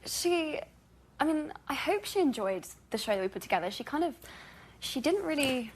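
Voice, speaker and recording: Young English woman, talk show guest, slightly high, chatty and self-deprecating, faint hiss behind. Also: big pitch swings, moderate pace. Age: young adult. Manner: giggly, self-deprecating, lots of fillers. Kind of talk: casual talk show chat. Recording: noisy broadcast audio.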